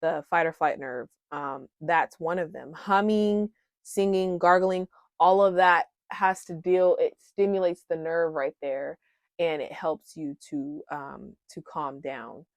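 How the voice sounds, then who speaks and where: A woman in her thirties talking casually and warmly to viewers about coping skills, with frequent "um"s, calling them "y'all". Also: deep voice, slow, no room sound, clean studio sound. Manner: frequent "um", addresses viewers as "y'all", laughs at herself. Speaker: wellness vlogger sharing coping skills. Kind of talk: casual heartfelt talk to viewers.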